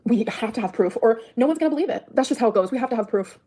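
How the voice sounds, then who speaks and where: A woman's voice: a little high, lively intonation, rapid-fire, dark tone. A woman on a livestream telling a grievance in an aggrieved, defensive way, repeating herself. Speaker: streamer in a played clip. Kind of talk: emotional livestream monologue.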